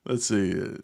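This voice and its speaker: Male co-host, relaxed and reassuring listener, average pitch, dry room. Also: vocal fry, dry recording. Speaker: podcast co-host. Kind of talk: casual chat.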